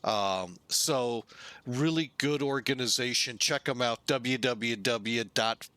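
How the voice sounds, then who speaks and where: Slow, bright-voiced man narrating a flight sim. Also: medium pitch, clean tone, no room sound. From St. Louis, USA. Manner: rambling, joking asides, self-correcting. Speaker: flight sim video host.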